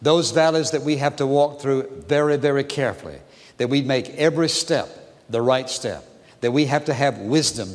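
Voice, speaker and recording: Earnest pastor preaching in a reverberant hall. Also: male voice. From United States. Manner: slow, earnest and deliberate, with repeated phrases and soft, low drops on key words. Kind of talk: sermon. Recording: long reverb from a large hall.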